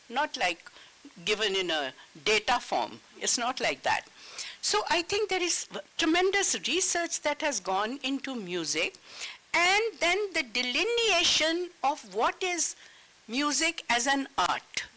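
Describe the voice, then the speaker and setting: Casting note: woman moderator, high voice that rises and falls, thoughtful and probing. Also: sing-song, measured pace, pushed and bright, low-quality recording. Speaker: interviewer. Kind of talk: festival panel conversation.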